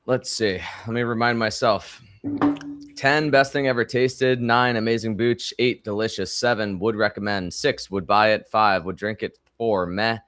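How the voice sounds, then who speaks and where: A man co-hosting a podcast in casual chat, talking in a halting way with frequent restarts. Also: lowish voice, fairly even intonation, fairly bright tone. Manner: halting, many fillers and restarts. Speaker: podcast co-host.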